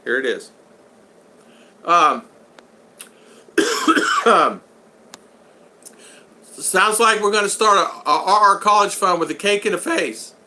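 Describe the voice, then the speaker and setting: This man's voice sits high, pushed and bright, and he speaks slowly and animatedly with frequent pauses. He hosts a casual livestream, reading viewer comments and rambling through jokey stories, laughing often and quoting voices as he retells them.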